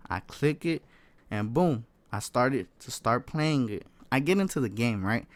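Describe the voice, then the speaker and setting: A young man vlogger telling a casual storytime, slangy and animated, tagging lines with "folk" and "you know what I'm saying". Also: mid-range voice, measured pace, no room sound.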